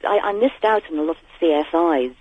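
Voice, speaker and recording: A woman's voice: lowish voice, lively intonation, quick pace, no room sound. A woman calling in to a radio show, chatting in a rambling, giggly way over the phone. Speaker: caller. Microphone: telephone. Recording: muffled phone line.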